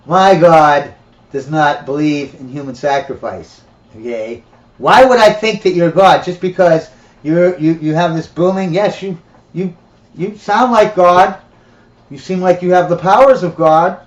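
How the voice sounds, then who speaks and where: A man's voice: on the high side, measured pace, natural voice. Man playing a scoffing, laughing dad, plain voice, roomy dull sound. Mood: incredulous. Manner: laughing, incredulous, plain-spoken. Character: amused grown father refusing a false god.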